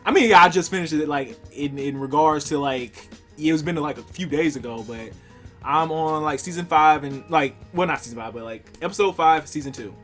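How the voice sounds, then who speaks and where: A man's voice: fairly high pitch, fairly quick, faint music behind. A man co-hosting a podcast, chatting casually and teasing his co-host about TV shows. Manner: teasing, animated, laughing often. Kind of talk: casual chat.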